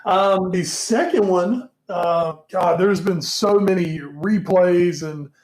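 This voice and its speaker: A man's voice: high voice, slow pace, a little mellow. A tired man co-hosting a casual sports podcast, rambling with lots of ums and casual swearing. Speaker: co-host. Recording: echoey room.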